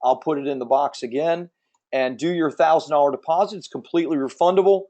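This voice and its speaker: A man hosting a live webinar, giving an emphatic, persuasive sales pitch and answering audience questions from the chat. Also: fast talker, dark tone, dull audio. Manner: emphatic, persuasive salesman, repeats key points. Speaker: webinar host selling publishing services.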